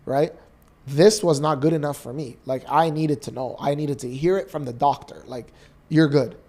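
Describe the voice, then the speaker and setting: Speaking at a moderate pace in a voice on the high side, this Canadian podcast co-host in his thirties shares an emotional story from his own life with earnest animation.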